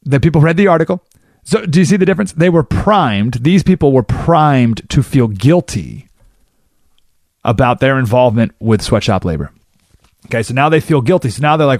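A man's voice: a little high, brisk, no room sound, studio quality. A man hosting a radio talk show, explaining ideas in a monologue and acting out the people he quotes. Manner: animated, acts out quoted people.

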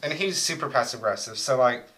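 Young male co-host, loose and crude storyteller, bright edge to the voice. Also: medium pitch, fast, low-quality recording. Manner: rambling, crude, joking storyteller. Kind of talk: casual chat.

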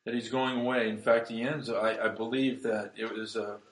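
A pastor preaching a sermon, swinging between loud emphasis and hushed, soft passages. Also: male voice, lowish voice, level tone, moderate pace, roomy sound, poor audio.

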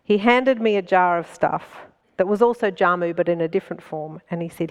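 A woman's voice: lowish voice, a little fast, few pauses, big-room sound. A middle-aged woman telling self-mocking comic stories at a festival talk, often laughing through her lines. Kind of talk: comic storytelling to a live audience. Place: festival stage before an audience.

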